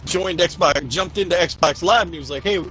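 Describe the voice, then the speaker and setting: A man casually telling a story with lots of swearing, acting out what each person said in an animated way. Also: on the high side, moderate pace, faint music behind, low-quality recording. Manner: profane, animated, acts out quotes. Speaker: podcast co-host.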